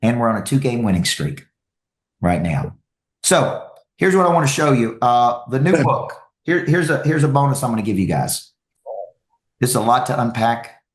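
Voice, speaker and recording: A man giving a motivational talk to an audience as a coach, telling stories with lively energy and repeating phrases for emphasis. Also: mid-range voice, moderate pace, roomy sound.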